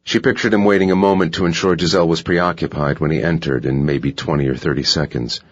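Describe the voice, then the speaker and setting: A man narrating a thriller audiobook in a steady, measured reading. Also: very deep voice. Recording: dull lo-fi audiobook recording.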